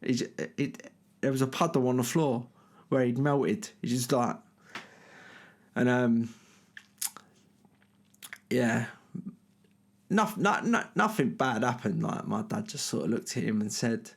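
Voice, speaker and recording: A man's voice: mid-range voice, animated, a little slow, vocal fry, pauses often, husky. Guy, middle-aged, rambling story, tons of ums and restarts. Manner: rambling, filler-heavy, lots of "you know what I mean". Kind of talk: casual anecdote.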